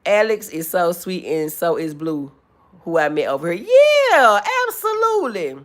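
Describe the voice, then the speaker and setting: Animated laughing woman live-streaming. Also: fairly low pitch, normal speed. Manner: animated, laughing, loud whoops, reads chat aloud. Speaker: livestream host. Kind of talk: casual livestream chat with viewers.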